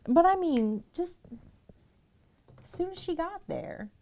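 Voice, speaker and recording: A woman's voice: very high-pitched, lively intonation, slow pace, dark tone. A middle-aged woman casually telling stories to her livestream viewers, chatty and laughing often. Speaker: livestream painter.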